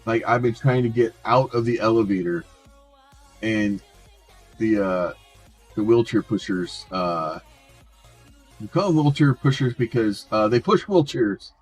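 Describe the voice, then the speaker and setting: A man's voice: on the low side, animated, unhurried, long pauses, faint music behind. A man streaming a game, chatting casually and rambling, often restarting his words. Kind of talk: casual chat while gaming.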